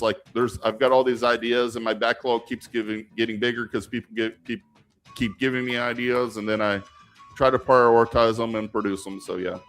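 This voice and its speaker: Male live stream host, casual Q&A, mid-pitched, rambling with many restarts. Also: a bit bright. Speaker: live stream host answering viewer questions.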